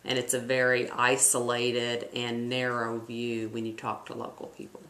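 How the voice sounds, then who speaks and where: Measured man with a flat voice in a roomy space. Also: medium pitch. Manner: measured and reflective. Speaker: interviewee. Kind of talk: thoughtful interview answers. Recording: roomy echo.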